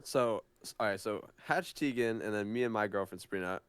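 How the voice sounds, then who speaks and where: A man's voice: fairly low pitch, fairly quick, smooth, no echo. A young man co-hosting a casual podcast, telling a story in an easygoing way and laughing often. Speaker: podcast co-host.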